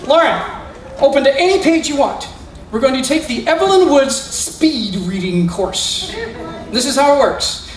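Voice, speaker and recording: A man's voice: very high-pitched, big pitch swings, moderate pace, slight background noise. A man performing as a magician for a school audience, coaxing child volunteers through mind-reading tricks with playful, theatrical patter. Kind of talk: live stage patter with young volunteers. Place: school room or gym, indoors. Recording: echoey room, voice from far off.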